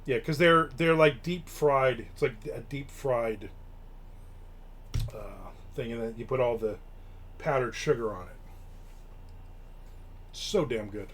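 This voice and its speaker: A man's voice: medium pitch, slow, long pauses, fairly bright tone, slight background noise. A man from Newark, hosting a live stream and telling rambling, casual stories with offhand swearing. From Newark, New Jersey. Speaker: show host.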